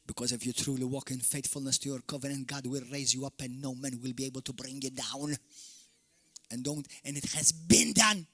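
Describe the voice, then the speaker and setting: A man from Malta preaching a fiery sermon as pastor, swinging from shouted peaks to sudden quiet drops. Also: medium pitch, flat delivery, fairly quick. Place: church hall.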